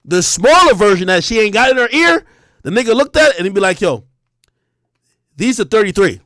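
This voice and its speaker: A man's voice: sits high, big pitch swings, brisk, pushed and bright, no echo, studio quality. A man streaming and telling a long profane story, laughing often and acting out each side of the conversation. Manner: profane, laughing, acts out both sides of the dialogue. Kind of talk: animated storytelling on a livestream.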